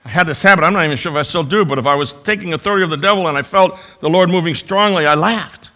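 A man preaching a sermon, swinging between loud emphasis and quiet asides. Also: fairly high pitch, racing. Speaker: pastor.

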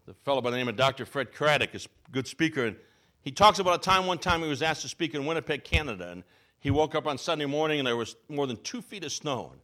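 Animated male preacher, lively pitch. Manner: expressive, rising and falling delivery with slow emphatic phrases. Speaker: pastor. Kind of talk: sermon with storytelling.

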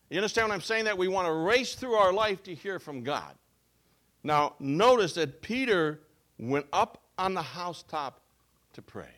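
A man preaching a sermon as a pastor. He reads scripture and explains it with emphasis, going from loud to soft. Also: high-pitched. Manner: emphatic, with wide swings between loud and soft.

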